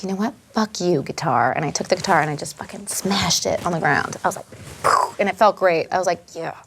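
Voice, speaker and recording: Blunt, bitter woman venting. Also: medium pitch. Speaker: wife in scripted scene.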